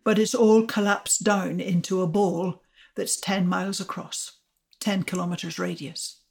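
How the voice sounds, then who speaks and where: An older woman, an astrophysicist guest, recounting her discovery in a measured, explanatory way. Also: on the low side, steady tone, gravelly, darkish tone. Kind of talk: storytelling interview answers.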